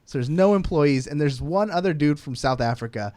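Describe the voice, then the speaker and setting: A man co-hosting a podcast, telling an animated, profane travel story with lots of "like"s and frequent laughs. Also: fairly high pitch, fairly quick, no room sound. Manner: animated, profane, rambling anecdote with many "like"s. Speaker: podcast co-host. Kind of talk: casual storytelling.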